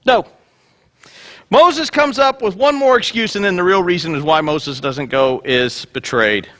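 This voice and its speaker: A man's voice: high-pitched, unhurried, bright, forceful tone. A man preaching a sermon as a pastor, playful and joking as he retells a Bible story.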